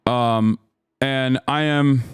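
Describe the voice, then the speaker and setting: Smooth-voiced male streamer, playful and rambling. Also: mid-range voice, fairly even intonation, drawn-out words, no echo, studio quality, soft background music. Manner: playful, rambling, swears freely, mock-announcer openings. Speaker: livestream host. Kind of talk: casual livestream chat.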